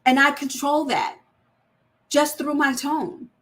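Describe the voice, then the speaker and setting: A woman with a fairly high voice gives earnest, faith-based advice on marriage. She talks in a casual, candid way. Now and then she acts out sample phrases in a different tone to make her point. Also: steady tone, slow pace, fairly bright tone. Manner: earnest, conversational, acts out example phrasings in shifting tones. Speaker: host of a faith-based women's channel.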